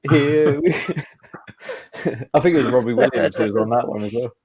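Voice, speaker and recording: A man's voice: medium pitch, unhurried, a crowd in the background. A man hosting a casual beer chat, laughing often and restarting his sentences. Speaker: host.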